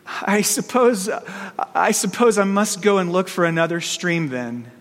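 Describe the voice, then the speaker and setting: Man doing scared young girl, high timid voice, hesitant, slow, long hall reverb. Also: very animated, fairly bright tone, exaggerated voice. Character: frightened thirsty young girl.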